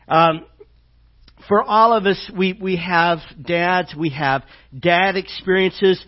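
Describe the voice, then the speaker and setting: A man preaching a sermon as pastor, halting with many fillers and dropping soft and slow on tender lines. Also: on the high side, animated. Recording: dull lo-fi church audio.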